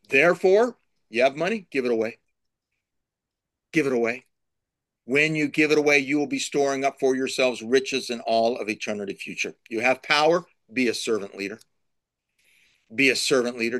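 A man's voice: medium pitch, fairly bright tone, no room sound. Emphatic preaching man, repeating phrases. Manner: emphatic, repeats key phrases, builds lists. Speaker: Christian author and speaker. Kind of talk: preaching-style interview answers.

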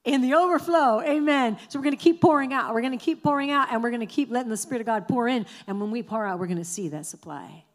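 A woman preaches with fervor, her voice sitting a little high. She repeats key lines and urges listeners to say them back. She speaks to a congregation in a church. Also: quick pace, few pauses. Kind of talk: sermon.

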